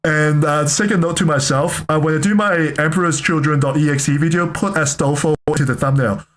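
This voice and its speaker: A man's voice: a little high, fairly even intonation, brisk, noisy background. A young man giving casual reaction commentary, rambling and joking, often correcting himself mid-sentence. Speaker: reaction streamer.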